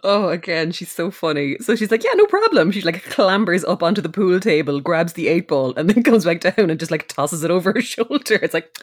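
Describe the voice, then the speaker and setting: A woman co-hosting a podcast in casual chat, laughing often and swearing as she gets excited. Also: fairly low pitch, brisk, few pauses. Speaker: podcast co-host.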